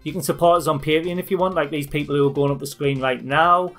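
A man from northeast England with a broad northeast English accent, talking through a software tutorial for his channel in a chatty, informal way. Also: fairly high pitch, fairly even intonation, quick pace, soft background music. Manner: chatty and informal, with fillers and restarts. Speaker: YouTube channel host. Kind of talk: screen-recorded tutorial walkthrough.

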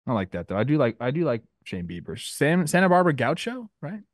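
Guy rambling on a podcast, middle-pitched voice, dead dry close mic, loose and chatty, keeps wandering into stories. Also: very animated, fast talker, no room sound. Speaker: podcast co-host and youth baseball coach. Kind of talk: casual sports podcast chat.

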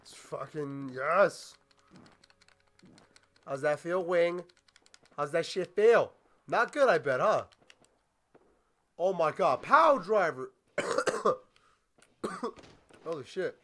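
A man playing through a video game with running commentary, excitable and foul-mouthed. His voice is high and bright, swinging from loud outbursts to muttered asides. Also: slow pace, long pauses. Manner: excitable, swearing, yelling at the game. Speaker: gaming YouTuber. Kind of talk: let's play commentary.

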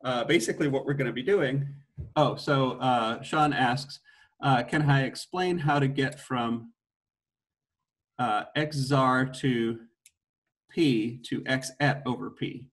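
A man's voice: mid-range voice, slow pace. A middle-aged man giving an academic mathematics lecture, thinking aloud with frequent restarts and self-corrections.

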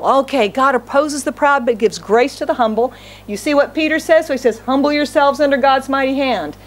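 A middle-aged woman pastor preaching a sermon, animated and emphatic, speaking quickly with frequent restarts and repeated phrases. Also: sits high.

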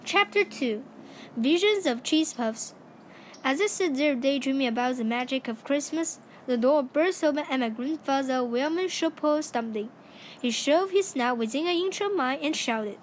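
A woman reading a children's chapter book aloud in a plain, steady way, with a few small slips and restarts. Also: high voice, moderate pace, slight background noise. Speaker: audiobook reader. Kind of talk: storybook narration read aloud.

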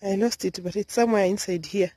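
A woman filming her vegetable garden outdoors, talking softly in a half-whisper as she narrates. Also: medium pitch, fairly even intonation, fast talker, slightly rough, dry recording. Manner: soft, half-whispered, coaxing. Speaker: gardening vlogger.

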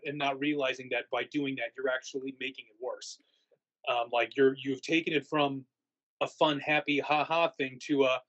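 A man's voice: medium pitch, flat delivery, moderate pace, a bit bright, muffled recording. A man answering interview questions in a casual, rambling way, full of fillers and restarts. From United States. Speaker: haunt actor guest.

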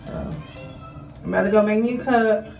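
A woman, chatting casually to camera in a vlog, a bit out of breath, with lots of fillers and animated quoted voices. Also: medium pitch, brisk, vocal fry, distant mic, rough recording. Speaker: vlogger. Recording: voice a little off-mic, faint music.

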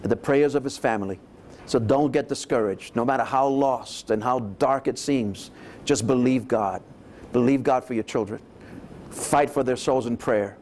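A man's voice: medium pitch, moderate pace, darkish tone, a little hiss or hum. Ask for a male pastor preaching encouragement. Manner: affirming, preacherly exhortation. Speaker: pastor host. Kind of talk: religious interview.

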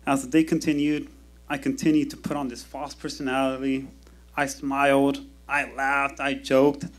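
A man telling a personal story at a live storytelling show, in a wry, measured delivery with dramatic pauses, into a stage microphone. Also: mid-range voice.

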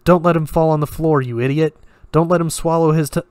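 A man voicing a burly, furious man who barks orders in a raised, urgent shout. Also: fairly high pitch, fairly even intonation, brisk, clean tone, dry recording, studio quality, pitched above the performer's own voice, close to an everyday voice.

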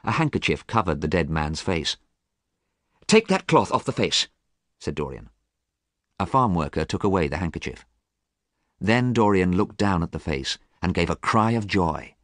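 Low-voiced man reading a storybook. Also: expressive, normal speed, fairly bright tone, no room sound, studio quality. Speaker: narrator. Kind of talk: scripted storybook narration.

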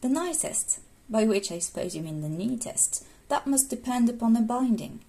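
A woman reading as a teasing, word-fussy young gentleman. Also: on the high side, lively intonation, normal speed, gravelly, breathy edge, heavily acted. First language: not English.

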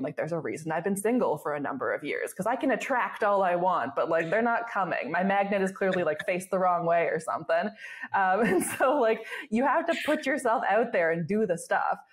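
A young adult woman with a Canadian accent, a podcast guest talking casually, self-deprecating and quick to laugh, with lots of "like" fillers. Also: lowish voice. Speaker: guest, travel blogger.

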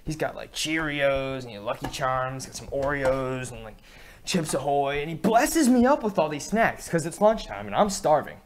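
A young man performing a comedy sketch, rambling through a story in a slangy, excitable way. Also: mid-range voice, moderate pace.

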